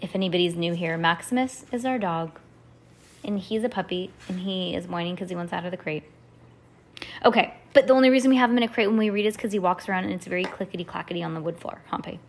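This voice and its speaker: A woman's voice: fairly low pitch, fast talker. A woman reading a children's storybook aloud to her child at home, stopping to chat along the way.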